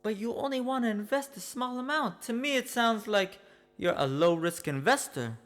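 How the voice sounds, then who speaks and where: A man telling a comic personal story in a deadpan, mock-earnest way. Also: sits high, normal speed, long reverb tail, faint music behind. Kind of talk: comedic personal monologue.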